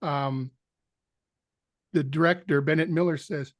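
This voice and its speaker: Male actor guest, fairly high-pitched, dry close recording, animated storyteller. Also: normal speed, no echo. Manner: animated anecdote teller, acts out quotes. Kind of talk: storytelling in an interview.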